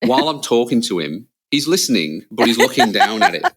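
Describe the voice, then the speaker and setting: A man, a father, co-hosting a podcast, telling stories in lively casual chat and acting out scenes with loud shouts. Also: medium pitch, brisk, a little hiss or hum. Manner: animated storyteller, acts out scenes with loud shouts. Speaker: podcast co-host.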